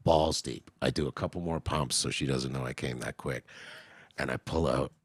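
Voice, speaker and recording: A man's voice: a bass voice, steady tone, normal speed, breathy edge, no room sound, clean studio sound. A man from Canada, a comedian telling crude, blunt stories as a guest. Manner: blunt, brash raconteur.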